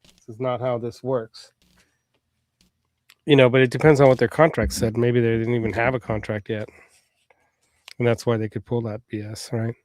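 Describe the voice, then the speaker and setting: A man's voice: medium pitch, level tone, fairly quick, a little mellow. A man hosting a casual livestream chat, reading viewer comments aloud and laughing often. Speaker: livestream host.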